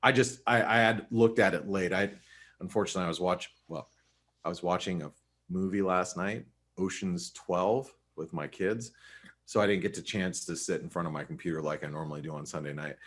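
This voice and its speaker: A man's voice: low-pitched, a little fast, fairly bright tone. A man hosting a live webinar, talking viewers through charts in a casual, chatty way, with frequent restarts and fillers. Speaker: host and market analyst.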